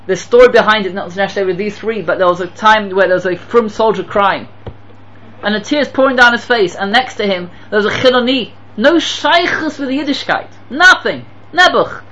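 Impassioned preacher with a bright tone. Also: medium pitch, fairly quick, muffled recording. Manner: impassioned, with emphatic repetitions and rhetorical questions. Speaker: Torah teacher. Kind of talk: sermon with storytelling.

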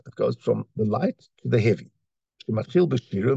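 A man's voice: medium pitch, lively intonation, fast talker, vocal fry, warm tone, slightly rough, dry recording, muffled recording. A man teaching a Torah class, reading Hebrew phrases and explaining them in English, often repeating words as he searches for the next one. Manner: reads Hebrew lines then translates, with repetitions and restarts.

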